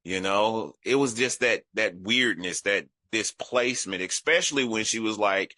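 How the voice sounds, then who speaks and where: Man from Dallas with a lilt, bright forceful tone, dry close sound; an animated recovery share. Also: fairly low pitch, normal speed, few pauses, no echo. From Dallas, Texas. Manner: animated storytelling, acts out voices of family; frequent fillers like "you know". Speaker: recovery meeting speaker.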